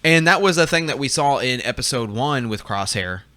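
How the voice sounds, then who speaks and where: A man's voice: medium pitch, lively intonation, normal speed, bright, forceful tone, dry recording. A young man co-hosting a casual fan podcast, talking chattily with fillers and restarts. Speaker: podcast co-host.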